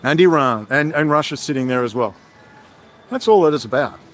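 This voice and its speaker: A man's voice: a little high, expressive, fairly quick, fairly bright tone, soft background music. A man giving a heated, sarcastic livestream monologue while out in a city, jumping from topic to topic. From Australia. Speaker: livestream host. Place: outdoors in a city, walking.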